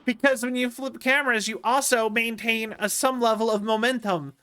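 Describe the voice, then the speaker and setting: A man's voice: very high-pitched, fairly even intonation, normal speed, bright, forceful tone, smooth. A man casually commenting on a video game as he plays, chatty and rambling with lots of fillers. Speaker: streamer.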